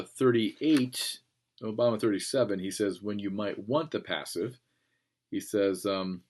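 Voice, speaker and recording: A man giving a classroom lecture on clear writing, explaining plainly with frequent ums and reading passages aloud. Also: on the low side, a little mellow. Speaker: teacher.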